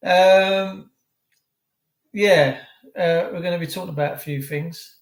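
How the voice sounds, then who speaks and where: A high-voiced man chats loosely to his livestream viewers, greeting them by name and wandering from topic to topic. His voice rings around an echoey room. The talk stays casual and rambling throughout. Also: fairly even intonation, slow, gravelly, pauses often. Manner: chatty, rambling banter with viewers. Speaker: livestream host.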